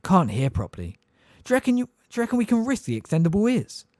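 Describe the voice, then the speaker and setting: A man's voice: sits high, huge pitch swings, fast, a little mellow, no room sound, studio quality, voice pushed up. A man voicing a cheeky, wry teenage boy with a teasing manner.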